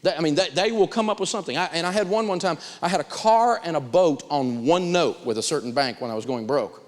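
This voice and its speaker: A man teaching personal finance in a live seminar, telling stories with big swings in pitch. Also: quick pace, in a large hall.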